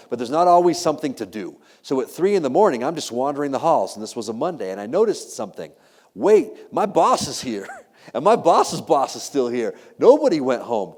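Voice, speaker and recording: A middle-aged man telling a humorous personal story as a keynote speaker, acting out the voices of the people in it and laughing often. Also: mid-range voice. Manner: animated, acts out quoted voices, laughs often. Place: large hall before a live audience. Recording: long hall reverb.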